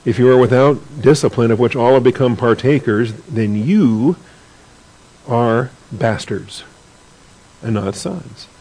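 A man's voice: medium pitch, slow pace, mellow, low-quality recording. Earnest man teaching a Bible class. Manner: earnest, repeats words while searching for phrasing.

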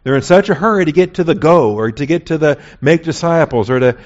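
A man's voice: a little high, expressive, a little fast. A man teaching a Bible lesson in a conversational way, often checking in with his listeners. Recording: dull lo-fi recording.

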